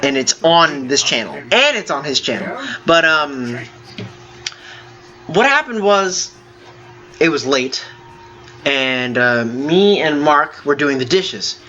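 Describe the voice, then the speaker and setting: A man hosting a gaming video, telling a long story in a halting, rambling way with many fillers while he plays. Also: on the high side, very animated, sharp tone, dull audio, slight background noise. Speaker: gaming channel host. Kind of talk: telling a story over gameplay.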